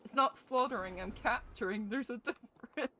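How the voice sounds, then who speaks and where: A woman's voice: fairly high pitch, normal speed, bright, forceful tone, slight background noise. A young Scottish woman streaming a game, joking and swearing as she chats with her viewers. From Scotland. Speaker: gaming streamer. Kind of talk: casual game commentary with chat.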